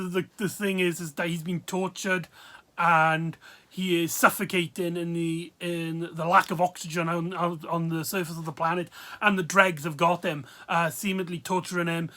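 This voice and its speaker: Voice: medium pitch, pushed and bright. A video reviewer, talking casually and rambling with many fillers and asides. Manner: rambling, full of fillers and laughs.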